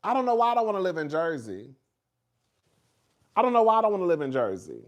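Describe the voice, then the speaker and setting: On a lo-fi recording, a man with a high-pitched voice chats casually with viewers at a quick clip, his pitch swooping wildly. He's gossipy and talkative, calling everyone "girl" and laughing a lot.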